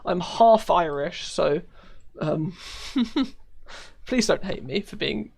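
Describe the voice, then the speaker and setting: Chatty British man streaming, slightly high. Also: animated, drawn-out words, gravelly, darkish tone, husky. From United Kingdom. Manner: chatty, rambling, many fillers, laughs often. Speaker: live streamer. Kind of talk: casual live-stream commentary while playing.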